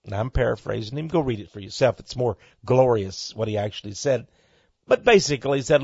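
A husky-voiced man preaches on his own radio ministry show, reading listener mail and answering in a homespun, earnest manner. He builds to fervent, rising exclamations. The sound is dry and close, with a dull, lo-fi broadcast quality. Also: mid-range voice, lively intonation, fairly quick, darkish tone, no room sound.

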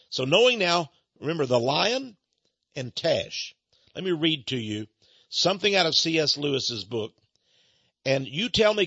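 A man's voice: a little high, husky, no room sound, dull audio. A man preaching an impassioned sermon, talking straight to his listeners with rhetorical questions. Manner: animated, rhetorical, addresses listeners directly.

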